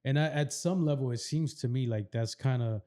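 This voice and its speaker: A man hosting a casual podcast interview. His voice is mellow and relaxed at a middle pitch, and he agrees readily and muses on the topics he raises. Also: brisk. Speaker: podcast host.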